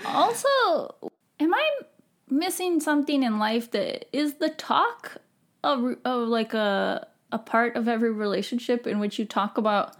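Wry female co-host, higher voice, slow deliberate pacing. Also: animated. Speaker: podcast co-host. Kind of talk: comedic advice chat.

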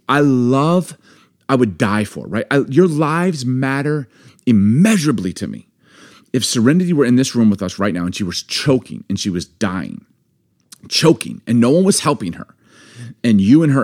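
His voice is medium in pitch, sing-song and a little mellow, delivered at normal speed. This forties-aged man co-hosts a podcast, and in candid conversation his emphatic, impassioned argument heats up until it becomes anger.

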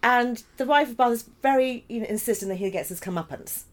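A woman's voice: on the high side, a little fast. Chatty, laughing woman stage actor. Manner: chatty, laughing, self-deprecating. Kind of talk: casual interview.

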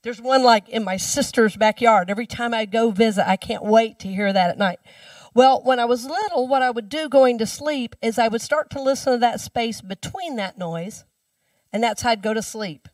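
A woman minister giving a sermon in a chatty storytelling way, dropping her voice low when she repeats the mantra. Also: moderate pace, no echo, distant mic. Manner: conversational storytelling, speaks the mantra softly.

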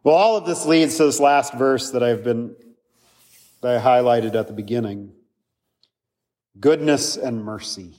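A man preaching a sermon as a pastor, earnest and conversational, often checking in with his listeners with quick asides. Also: medium pitch, a little mellow, long reverb tail.

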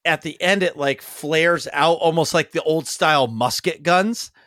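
A man's voice: a little high, a little slow, fairly bright tone, dry recording. Rambling, enthusiastic podcast host, a man. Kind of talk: casual chat.

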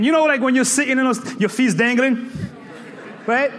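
A man from Cape Verde preaching in a comic, animated storytelling manner, full of playful exclamations and laughter. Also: extremely high pitch, moderate pace. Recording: echoey hall reverb.

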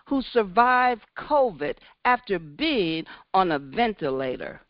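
A woman hosting a church prayer line in a fervent, drawn-out preaching manner. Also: mid-range voice, lively intonation, no echo, muffled recording.

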